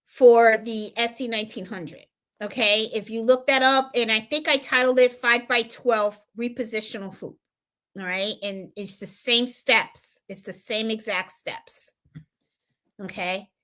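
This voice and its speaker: Chatty woman live-streaming, a bit high. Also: steady tone, slow, pushed and bright. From Puerto Rico. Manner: chatty, greets viewers and reads chat comments aloud; lots of fillers and repeated words. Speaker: embroidery channel host. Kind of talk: casual live stream chat.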